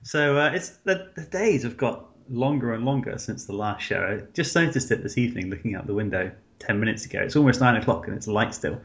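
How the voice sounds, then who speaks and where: Bright, lively male podcast co-host. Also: mid-range voice, a little fast, hardly any pauses, muffled recording. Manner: lively, laughing, jokey. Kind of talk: casual chat. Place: Stockholm, remote call.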